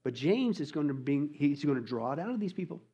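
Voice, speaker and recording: A man preaching a verse-by-verse sermon as a pastor, emphatic and colloquial, firing rhetorical questions and swinging between loud bursts and quiet asides. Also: fairly high pitch, big pitch swings, a little fast, breathy edge, highs cut off. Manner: colloquial preaching with mock voices. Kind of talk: expository sermon.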